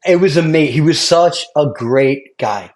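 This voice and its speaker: A middle-aged man from Brooklyn with a New York accent, a retired fire lieutenant telling animated stories and acting out quotes. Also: fairly high pitch, normal speed, slight background noise. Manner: animated storyteller, acts out quotes, laughs often. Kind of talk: casual storytelling chat.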